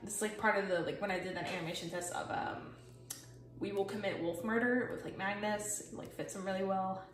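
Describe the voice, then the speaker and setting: With a steady, medium-pitched voice and a fairly quick pace, a young woman rambles through her sketchbook, dropping frequent swear words and jokes at her own expense. She's recorded far from the mic in an echoey room with music on.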